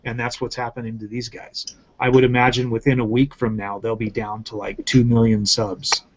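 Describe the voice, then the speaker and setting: A man's voice: medium pitch, flat delivery, moderate pace, slight background noise. A man ranting in casual commentary, swearing often and repeating himself for emphasis. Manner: profane, emphatic, repetitive ranting. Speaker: channel host. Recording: muffled lo-fi audio.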